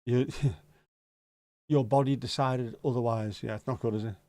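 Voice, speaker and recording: A man's voice: mid-range voice, steady tone, unhurried, mellow, no echo, studio quality. Rambling, jokey Scouse man on a livestream. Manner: rambling and jokey, swears casually. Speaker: livestream host. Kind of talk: casual livestream chat, answering viewer comments.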